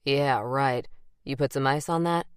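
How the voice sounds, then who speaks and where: A man's voice: mid-range voice, unhurried, clean tone, no echo, studio quality, close to an everyday voice. A woman reading the part of a blunt, teasing older male FBI agent in an audiobook. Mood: gruff.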